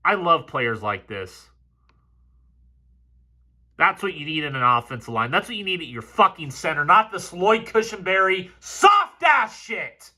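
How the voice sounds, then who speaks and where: A man doing a football film breakdown, talking excitably and swearing freely as he gets fired up over the plays. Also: sits high, unhurried.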